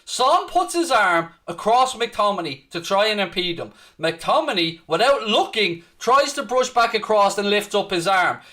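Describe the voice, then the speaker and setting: Ranting passionately through a live football watchalong, the host fires back replies to the chat. He sounds high-pitched, bright, and pushed.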